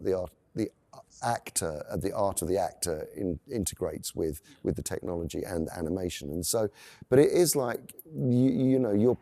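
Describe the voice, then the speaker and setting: A man's voice: deep voice, warm tone, dry recording. A middle-aged man, an actor being interviewed, answering earnestly and searching for his words. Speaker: actor guest.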